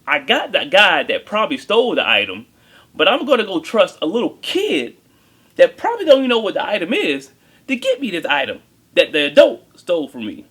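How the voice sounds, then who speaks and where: A man voicing an upset villain on a phone call who rants and makes loud threats. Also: high-pitched, huge pitch swings, brisk, slightly rough, pitched above the performer's own voice, exaggerated voice. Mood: agitated.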